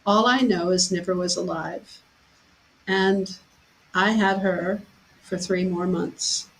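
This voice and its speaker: A woman hosting a talk show, telling a personal story in a heartfelt way and getting animated when she quotes people. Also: medium pitch, low-quality recording. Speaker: podcast host.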